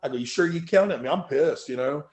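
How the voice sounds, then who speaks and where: A man, a powerlifter guest, telling a story in a casual podcast chat. He swears freely and his voice jumps loud and high when he quotes himself. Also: quick pace.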